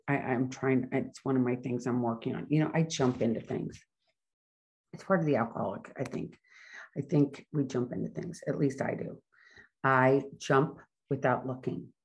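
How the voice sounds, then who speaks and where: Fast-talking woman hosting a podcast. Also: rumbling low, darkish tone. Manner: fast-talking, chatty, self-correcting. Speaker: podcast host. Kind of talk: casual solo podcast monologue.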